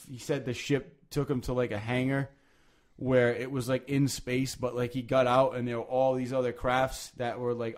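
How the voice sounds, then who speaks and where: A man hosting a podcast, talking casually and at length, with many restarts, lively emphasis and frequent swearing. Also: mid-range voice. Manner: rambling, animated, swears freely, many restarts. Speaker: podcast host.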